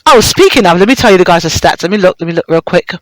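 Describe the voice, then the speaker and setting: A woman hosting a casual, uncensored radio show, excitable and swearing freely as she talks straight to her listeners. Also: lowish voice, racing, dry recording, poor audio.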